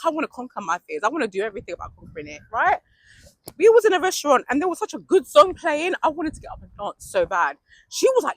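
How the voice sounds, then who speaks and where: A young adult woman, giving an emphatic, animated motivational vlog outdoors while out walking, laughing often. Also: high-pitched, husky, no echo, rough recording. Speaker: vlogger. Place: outdoors on a walk. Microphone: mic worn while walking.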